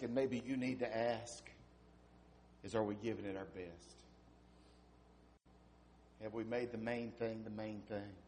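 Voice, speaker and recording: A man in his fifties preaching a sermon, swinging from hushed, near-whispered lines to loud, emphatic ones. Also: medium pitch, a little hiss or hum. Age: 50s. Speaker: pastor.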